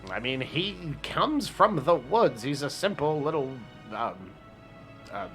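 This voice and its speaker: A man's voice: a little high, big pitch swings, measured pace, fairly bright tone, faint music behind. A man playing his character in a tabletop game, rambling with many fillers and frequent laughs. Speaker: player. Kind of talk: in-character tabletop role-play.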